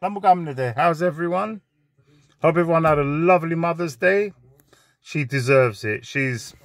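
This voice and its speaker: A man's voice: medium pitch, a bit bright, dry recording. A man telling a crude comic story in a chatty, joking way.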